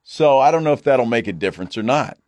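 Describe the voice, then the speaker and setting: A man's voice: mid-range voice, quick pace, no room sound. Guy hosting sports talk, upbeat storyteller, voice bounces all over, dry studio sound. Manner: animated, enthusiastic storyteller. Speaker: sports talk show host. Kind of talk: casual radio chat. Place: broadcast studio.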